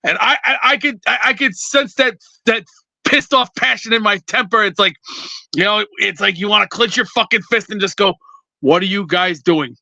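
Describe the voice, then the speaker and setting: Furious male caller, shrill and bright, swearing through a rambling rant. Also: normal speed, creaky, no room sound. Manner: angry, profane, rambling. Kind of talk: fired-up fan rant.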